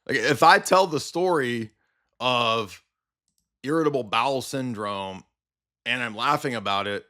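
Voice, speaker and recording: A man's voice: mid-range voice, sharp tone. A man hosting a livestream, ranting in a combative, sarcastic commentary style. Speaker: livestream host.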